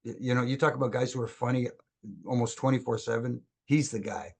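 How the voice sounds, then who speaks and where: A middle-aged man, a former wrestling referee, telling lively stories as a guest on a casual podcast. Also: medium pitch, brisk, creaky. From Canada. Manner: lively anecdotal storyteller who acts out quoted dialogue.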